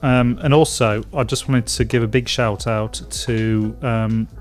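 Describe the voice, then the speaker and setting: A man's voice: medium pitch, fairly even intonation, soft background music. Rambling man from England, casual podcast chat. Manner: rambling, halting with many restarts and fillers. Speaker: podcast co-host.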